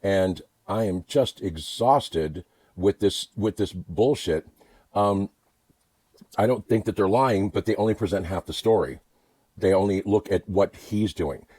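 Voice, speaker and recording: A man delivering a blunt, profane political rant to camera, swinging between low muttering and outbursts. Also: unhurried, warm tone, no room sound. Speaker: vlogger.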